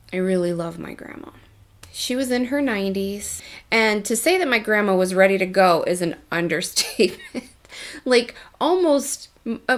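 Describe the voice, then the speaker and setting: Woman vlogger telling her stories, chatty and frank, bit of vocal fry. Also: fairly low pitch. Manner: candid and chatty, with casual slang. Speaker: life coach. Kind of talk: casual vlog storytelling.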